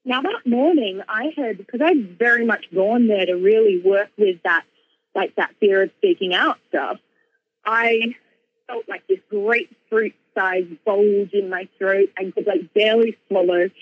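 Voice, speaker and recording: Husky woman telling a story over a muffled call. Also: mid-range voice, a little slow. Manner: animated, lots of fillers, bursts of laughter. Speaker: author and speaker. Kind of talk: casual conversational storytelling.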